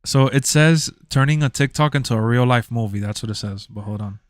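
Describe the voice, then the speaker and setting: A man's voice: mid-range voice, fairly quick, dry recording, clean studio sound. A young man streaming and chatting casually, rambling, repeating himself and laughing often. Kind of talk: casual chat.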